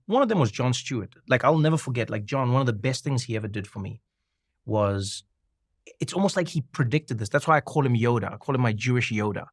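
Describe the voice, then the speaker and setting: A man spins a story as a guest in a sit-down interview, animated and quick to laugh, tripping over his own restarts as the tale builds. His voice sits at a middling pitch, and the sound is close and dry with no room around it. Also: no echo. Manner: animated, laughs often, repeats and restarts when excited.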